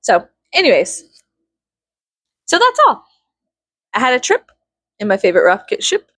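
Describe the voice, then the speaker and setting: A woman's voice: a little high, wildly swooping pitch, moderate pace, sharp tone, no room sound. A woman telling a casual story, chatty and profane, with a lot of laughter.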